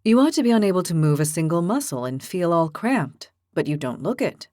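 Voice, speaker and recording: A woman voicing a calm, philosophical young man with an ox's head, who speaks patiently and reasons things out. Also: fairly low pitch, brisk, no room sound, studio quality. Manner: patient, reasoning, gently teasing.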